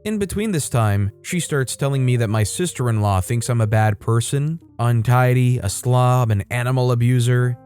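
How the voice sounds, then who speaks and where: A man's voice: mid-range voice, moderate pace, hardly any pauses, darkish tone, clear, resonant tone, faint music behind. A man narrating online stories aloud, reading them out and adding wry comments between them. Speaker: story narrator.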